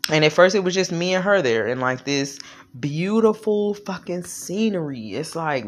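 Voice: medium pitch, fairly bright tone. A vlogger telling their own life story in casual spoken style, frank and profane, rambling with fillers and frequent check-ins with the audience.

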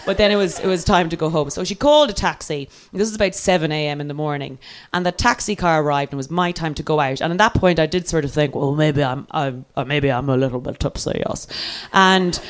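A young Irish woman telling a comic personal story, lively and self-mocking, acting out the voices she quotes. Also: fairly low pitch, fast. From Ireland.

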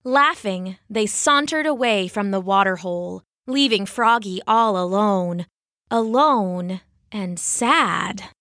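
A woman narrating a children's story on a podcast in an animated, expressive way. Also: mid-range voice, takes it slowly, dry recording, studio quality.

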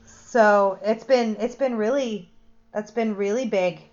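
Casting: chatty woman, mid-pitched, casual podcast talk, dull lo-fi recording. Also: takes it slowly, a little mellow. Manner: chatty, rambling with restarts. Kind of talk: casual chat. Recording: dull lo-fi sound.

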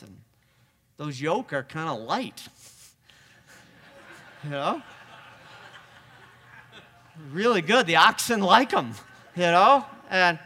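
A man preaching a sermon, conversational, moving from hushed lines to emphatic ones. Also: on the high side, in a large hall.

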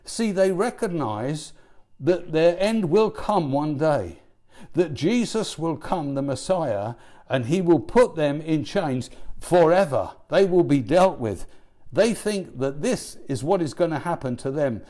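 A male preacher delivering a sermon in a fairly high, very lively voice. He fires off rhetorical questions and swings up into emphatic, driving passages before dropping back down. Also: unhurried. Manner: animated, rhetorical questions, rising to emphatic peaks.

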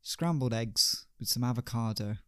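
A man's voice: medium pitch, normal speed, clear, resonant tone, no echo, clean studio sound. A man hosting a podcast, telling a comic story in a wry, chatty way with rhetorical asides.

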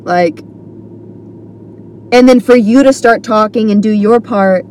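A woman's voice: medium pitch, a little slow, pauses often, darkish tone, slight background noise. A woman comedian talking solo on her podcast, telling a rambling story full of fillers and restarts. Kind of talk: casual solo monologue.

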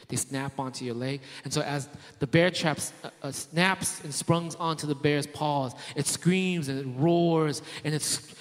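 A man delivers a sermon in a loose, talky way, full of rhetorical questions, restarts and casual fillers. His voice sits a little high for a man. The sound rings out with the long reverb of a hall. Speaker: pastor.

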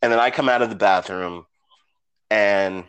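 Animated storytelling man, lowish voice. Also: moderate pace, clear, resonant tone. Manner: animated storyteller, acts out quoted people with big pitch jumps; swears casually. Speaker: podcast co-host. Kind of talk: casual chat.

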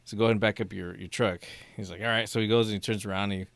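A man's voice: on the low side, steady tone, very fast, creaky, dry recording. A young man who works at a store, telling a rambling, profane story in casual chat and laughing along.

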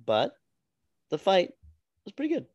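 A man's voice: high voice, wildly swooping pitch, darkish tone, dry recording, dull audio. A man co-hosting a casual podcast chat, swearing and stumbling over his words. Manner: profane, halting, restarts often. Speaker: podcast co-host. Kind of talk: casual chat about fights.

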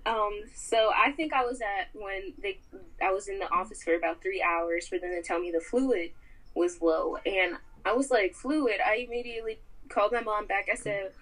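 A husky woman tells her story in a loose, rambling way, full of fillers and quick asides. Her voice sits in a middle pitch and comes through a phone on a call. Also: low-quality recording. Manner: rambling, filler-heavy, animated retelling. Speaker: podcast guest. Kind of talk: casual storytelling.

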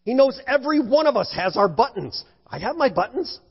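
A male pastor preaching a sermon in an animated way, at times acting out frightened voices. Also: extremely high pitch, a little fast, creaky, breathy edge. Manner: animated, acts out scared voices for effect. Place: church sanctuary. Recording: dull sound with long hall reverb.

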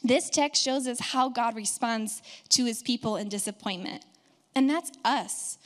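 A woman's voice: a little high, measured pace. Fervent woman pastor preaching. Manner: emphatic, builds to fervent proclamation. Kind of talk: sermon.

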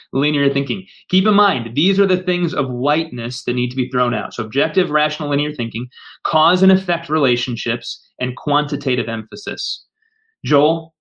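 A man's voice: mid-range voice, a bit bright, muffled recording. A man co-hosting a podcast, talking in an earnest, firm and emphatic way. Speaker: podcast co-host. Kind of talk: casual discussion.

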